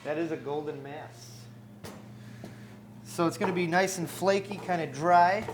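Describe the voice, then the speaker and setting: Cooking show host guy, kinda high voice, upbeat and jokey, talking through a recipe. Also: a little slow, noisy background. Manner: upbeat, joking, step-by-step explaining. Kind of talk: on-air cooking demonstration.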